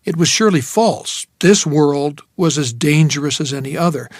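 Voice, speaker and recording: Wry, slightly high male narrator. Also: moderate pace, no echo, clean studio sound. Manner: wry, reflective. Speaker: audiobook narrator. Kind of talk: first-person novel narration.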